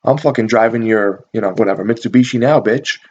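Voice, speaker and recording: A man's voice: lowish voice, quick pace, darkish tone, highs cut off, lightly acted. A man voicing a rowdy, unhinged young man who crudely taunts a coworker, in a mocking tone. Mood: taunting.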